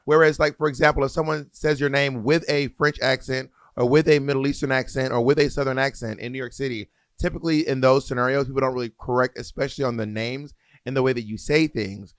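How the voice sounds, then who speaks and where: A man's voice: medium pitch, steady tone, fast talker, fairly bright tone, clean tone, no echo. A man from Georgia co-hosting a podcast, arguing his point in rambling casual banter with many restarts. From Georgia, USA. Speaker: podcast co-host.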